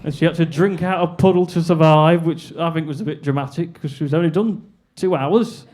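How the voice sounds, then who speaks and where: A man's voice: fairly high pitch, brisk, darkish tone, a little hiss or hum. A young man doing a stand-up comedy set, rambling and self-deprecating, on a club stage with a handheld mic.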